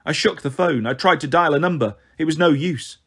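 A man reading a children's novel aloud as steady first-person narration. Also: a little high, fairly quick, breathy edge. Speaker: audiobook reader.

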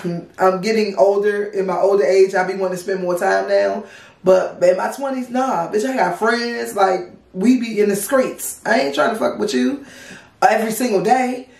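Animated woman telling a story, echoey room. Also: mid-range voice. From Washington DC area. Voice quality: profane, animated, wry. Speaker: storytime vlogger. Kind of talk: casual storytelling. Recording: roomy sound, distant from mic.

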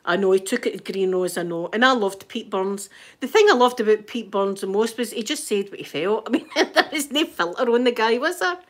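A Scottish woman telling a story in casual chat, gossipy and animated, often checking in with her listener. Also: mid-range voice, fairly quick. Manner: laughs often while telling. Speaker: channel host.

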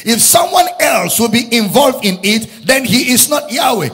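Man preaching in a lively sung cadence. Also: very high voice, moderate pace, vocal fry, big-room sound. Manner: emphatic, repeats lines, rises into sung preaching cadence. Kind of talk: sermon.

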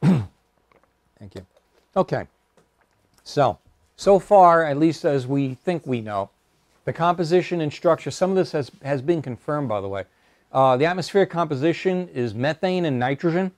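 A man's voice: a little high, animated, normal speed, long pauses, a little mellow, no room sound. A man giving an informal lecture to an astronomy club, hesitant with many fillers, mixing facts with wry asides. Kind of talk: public lecture with slides. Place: meeting room.

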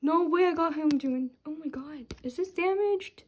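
A young woman vlogging casually at home, halting and restarting, gasping and squealing with excitement. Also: high-pitched. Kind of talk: casual unboxing chat. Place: home room.

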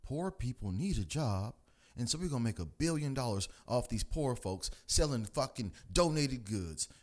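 A man from the United States, hosting his own channel, telling a story in a loud, animated, profane rant. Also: normal speed. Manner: animated and profane, mimics people in higher voices. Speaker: host of a commentary channel.

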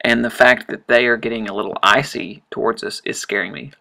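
A man giving casual, rambling commentary while playing a strategy game, full of fillers and sudden excited exclamations. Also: mid-range voice, a little fast, creaky, noisy background. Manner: rambling, chatty, frequent fillers and self-corrections. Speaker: let's-play host.

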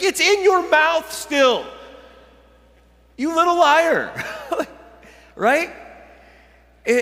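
A man in his thirties preaching a sermon, telling stories with lively laughs and stumbling restarts. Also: fairly high pitch, long reverb tail. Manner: animated storytelling with laughs and self-corrections. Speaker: pastor. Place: church sanctuary.

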